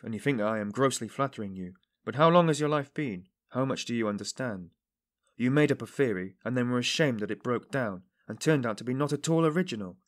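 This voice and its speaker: A man's voice: medium pitch, natural voice. A man voicing an earnest middle-aged police investigator who pleads fervently with a suspect in an audiobook.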